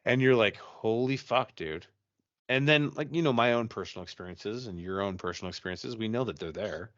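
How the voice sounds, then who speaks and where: A man's voice: on the low side, fast talker, fairly bright tone, no echo, lo-fi sound. A man co-hosting a podcast, chatting casually and telling a ghost story, profane and rambling with many restarts. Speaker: podcast co-host.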